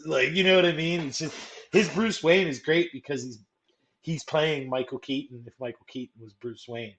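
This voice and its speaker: A man's voice: a little high, normal speed, a bit bright. Rambling young man chatting about movies. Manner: rambling, full of "like", acts out quotes. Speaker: co-host. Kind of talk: casual movie chat.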